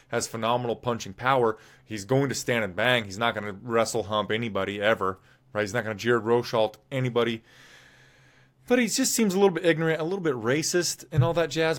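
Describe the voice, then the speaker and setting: A man hosting a casual fight recap show, talking in a rambling, opinionated way and correcting himself as he goes. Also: mid-range voice. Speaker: MMA show host.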